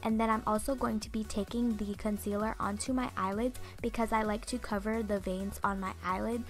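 A woman's voice: medium pitch, fairly even intonation, a little fast, faint music behind. A teenage girl vlogger in a casual makeup tutorial, chatty and rambling with lots of fillers, still in her morning voice. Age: teens. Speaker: beauty vlogger.

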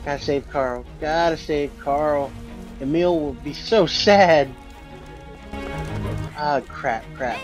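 A man's voice: fairly high pitch, takes it slowly, pauses often. Man reading game text aloud, lo-fi. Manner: reads game text aloud, musing, with fillers. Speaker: gamer. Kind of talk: let's play commentary. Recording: dull lo-fi audio with game music.

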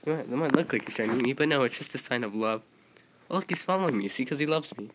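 A man commenting on his own gameplay as he plays, excitable, yelping at other players one moment and muttering to himself the next. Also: medium pitch, rapid-fire, a little hiss or hum, low-quality recording. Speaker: gaming video creator.

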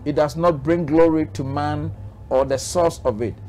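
A man's voice: a little high, steady tone, normal speed, warm tone, slight background noise. A man from Ghana, a bishop answering interview questions in a preaching manner, driving his points home with repeated rhetorical questions.

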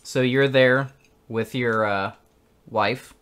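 A man narrating as game master of a tabletop game, unhurried and often laughing. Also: medium pitch, steady tone, a bit bright, a little hiss or hum.

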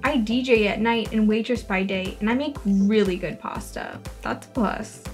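A woman's voice: medium pitch, faint music behind. A young woman reading a story game aloud and joking sarcastically as she plays. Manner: sarcastic, playful, reads characters in quick voices. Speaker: gaming YouTuber.

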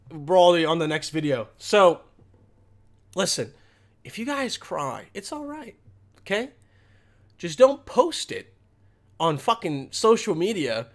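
A man's voice: sits high, big pitch swings, a little slow, long pauses, fairly bright tone. A man giving a sarcastic, profane reaction commentary, often tacking "okay?" onto his sentences. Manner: repeats "okay?" and "all right?" often. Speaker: commentary vlogger.

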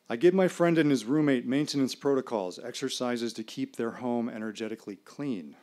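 A man performing a first-person story live on stage, in a measured, dramatic delivery with pauses. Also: mid-range voice, darkish tone. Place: small live venue.

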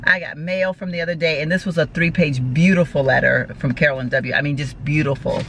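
A woman's voice: low voice, fairly quick. A woman, talking casually and effusively to her viewers as she unboxes gifts, full of exclamations and heartfelt thanks. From Texas. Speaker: vlogger. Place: parked car. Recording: car with road noise.

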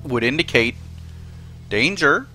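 A man's voice: medium pitch, lively intonation, takes it slowly, pushed and bright, faint music behind. A young man narrating his gameplay, talking tenderly and emotionally to the animals on screen. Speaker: gaming video host. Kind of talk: let's play commentary.

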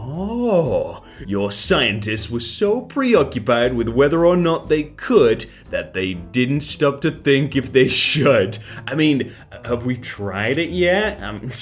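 A man in his thirties doing casual meme commentary, reading captions aloud, then joking and laughing often. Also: medium pitch. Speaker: meme reaction host.

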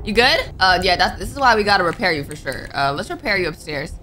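A young gaming streamer talks to herself about her gameplay, jumping with nervous exclamations as game music plays. Her medium-pitched voice swings widely in pitch, she speaks fast, and there's background noise.

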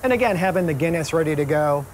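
A man's voice: on the high side, animated, fast, slight background noise. A man hosting a casual TV cooking segment, chatting and tasting food as he talks. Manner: chatty, talks with mouth full while tasting. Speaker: TV show host.

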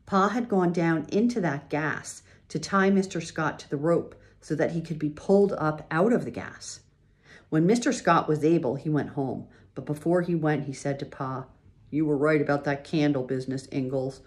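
Low-voiced woman reading a children's book. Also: normal speed. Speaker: reader.

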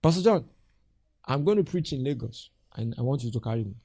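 A man's voice: mid-range voice, fairly quick, breathy edge, no echo. A Nigerian man preaching a sermon as pastor, acting out church members' voices as he talks. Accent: Nigerian English. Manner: animated, acts out church members' voices with laughter.

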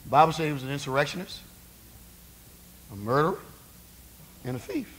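A man's voice: on the high side, expressive, brisk, fairly bright tone, a little hiss or hum. A male preacher giving a conversational sermon, asking rhetorical questions of the congregation.

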